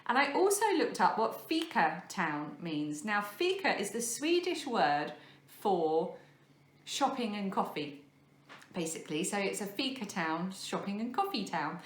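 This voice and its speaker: Showing crafts to the camera, a thirty-something woman hosts her craft podcast with a mid-range, sing-song voice at a measured pace. She chats casually, rambling, filling gaps with fillers and making self-deprecating remarks, and her room sounds echoey.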